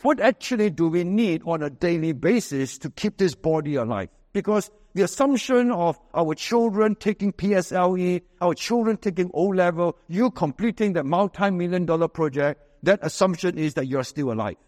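A man with a Singaporean English accent preaching a sermon as pastor, emphatic, with slow, drawn-out scripture quotes. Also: sits high, lively intonation, darkish tone, in a large hall.

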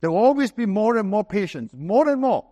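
A man with a Singaporean English accent preaching a sermon as pastor, emphatic, with slow, drawn-out scripture quotes. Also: high-pitched, big pitch swings, warm tone, big-room sound.

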